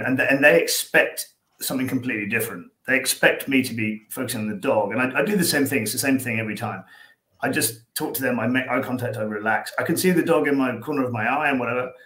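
A man's voice: mid-range voice, sharp tone, reverberant. A man with an Irish accent, a guest on a casual podcast, talking in a rambling way, stumbling over repeated words and acting out little scenes. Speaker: guest, dog behaviour coach.

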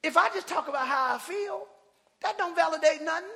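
Male preacher, high and forceful, shouting call-and-response lines, long reverb from the church hall. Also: brisk, creaky. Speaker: pastor. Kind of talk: sermon. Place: church sanctuary with congregation.

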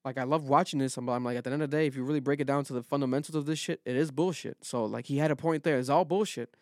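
A man's voice: mid-range voice, fairly even intonation, rapid-fire, darkish tone, no room sound, clean studio sound. A man hosting a podcast in casual chat, recapping things loosely and swearing freely. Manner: profane, loose retelling. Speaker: podcast host.

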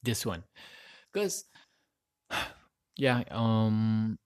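A man's voice: on the low side, big pitch swings, very slow, a little mellow, clean tone, no room sound, clean studio sound. A man hosting a solo podcast, recorded on a USB mic plugged into his phone, rambling and repeating words as he searches for them. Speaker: podcast host.

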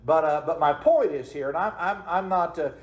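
A man's voice: on the high side, moderate pace, reverberant, poor audio. A man preaching a sermon as pastor, folksy and calling out questions to the congregation. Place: church sanctuary.

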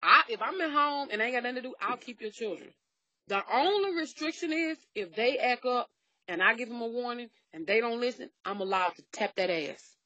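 A woman's voice: a little high, a little fast, dry recording, dull audio. A middle-aged woman in casual chat, talking bluntly and telling stories with lots of profanity. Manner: blunt, profane, animated storytelling.

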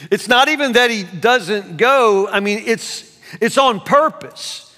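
Male pastor, fairly high and bright, preaching in a reverberant hall; loud bursts, then hushed asides. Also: slow. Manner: swings between loud emphasis and hushed asides, repeats words. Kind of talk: sermon. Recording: long reverb of a large hall.

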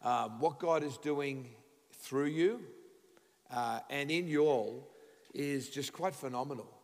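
Lively Australian pastor in a big hall. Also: male voice, mid-range voice, slow. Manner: lively, energetic, joking with the audience. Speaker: guest pastor. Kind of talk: sermon. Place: large church hall. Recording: reverberant church hall.

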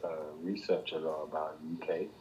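A man with a very deep voice talks in a relaxed, thoughtful, hesitant way. The audio is muffled, and a faint background hiss sits beneath his voice. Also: normal speed. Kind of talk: casual chat.

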